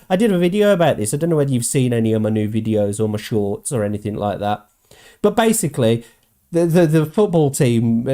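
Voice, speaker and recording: Angry swearing man ranting. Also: a little mellow. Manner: mocking put-on quotes in a higher voice. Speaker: host. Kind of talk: ranting commentary.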